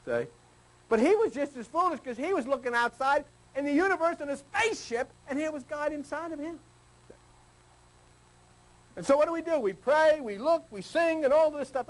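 The voice is extremely high-pitched and the recording is rough. It belongs to an older male spiritual teacher delivering an informal, ribbing sermon to a few listeners while acting out their prayers in folksy fashion.

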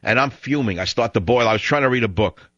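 A man's voice: mid-range voice, fast, a bit bright, no room sound. A man hosting a talk radio show, delivering a sarcastic, digressive rant in an opinionated monologue. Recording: dull dry studio broadcast sound.

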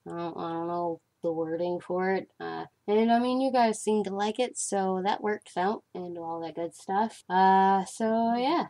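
A young woman chatting casually to her viewers in a voice-over. She rambles, laughs often, and breaks off now and then to scold her cat in high-pitched bursts. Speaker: art channel creator. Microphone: desktop mic, recording audio at home. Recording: faint background music. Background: soft background music.

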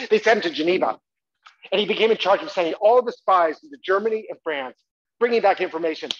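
A man performing a one-man stage show, telling the story in a lively, chatty way with asides to the audience. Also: fairly high pitch, husky. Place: theatre stage, live audience. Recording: dull live theatre recording.

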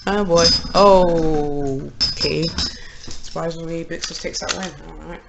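A young man with a British accent, casually commentating on toy battles in a rambling, excitable way, laughing often, at home. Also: a little high, unhurried, gravelly, dull audio, very noisy. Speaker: Beyblade channel host. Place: home room, family upstairs.

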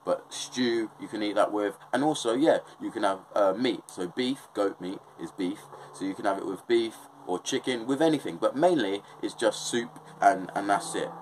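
A man's voice: fairly low pitch, normal speed, hardly any pauses, a little hiss or hum, poor audio. A young man with an English accent in a casual, impassioned monologue, swearing a lot and often checking that he is understood. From England. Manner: impassioned, swears often, keeps asking "do you know what I mean".

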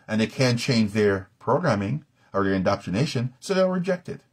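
A man's voice: lowish voice, big pitch swings, brisk, husky. A middle-aged man teaching a live-streamed Bible study in an emphatic, repetitive, preacherly manner.

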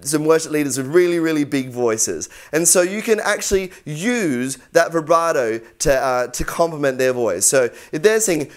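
A man's voice: fairly high pitch, lively intonation, moderate pace, few pauses. A young man teaching singing in an easygoing, encouraging way. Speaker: vocal coach. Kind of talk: instructional tutorial.

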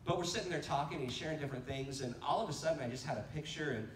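A man preaching at a church conference, telling personal stories with lively quoted voices and laughing asides. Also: fairly high pitch, racing, crowd noise. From United States. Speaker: pastor. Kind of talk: conference sermon. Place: church sanctuary. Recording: echoey church hall from far off, faint noise.

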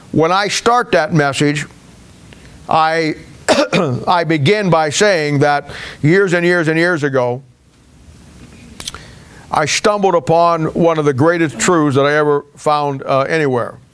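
A man's voice: a little high, clean tone. A man pastor preaching a sermon in a folksy, conversational way, with hesitations.

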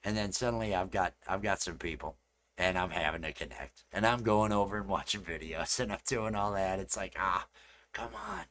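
A man's voice: sits low, fairly quick, a bit bright, slight background noise. A man chatting casually with viewers during a live stream. He rambles and repeats his phrases as he works, and he.

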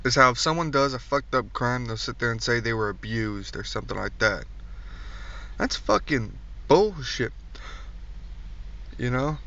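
A man's voice: mid-range voice, lively intonation, normal speed, pauses often, sharp tone. Blunt, crude man ranting from far off. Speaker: comedian. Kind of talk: profane comedic rant. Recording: distant dull recording.

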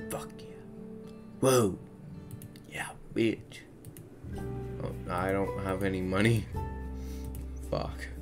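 A man giving casual gameplay commentary, tired and grumbling, swearing often as he talks to himself. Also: lowish voice. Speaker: gaming YouTuber.

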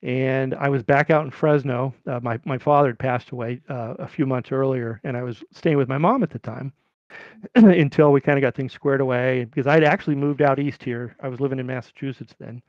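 A middle-aged man telling a story in casual chat, acting out quoted voices in a higher pitch. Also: fairly even intonation, fairly quick, no echo. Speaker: podcast guest. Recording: dry, dull lo-fi sound.

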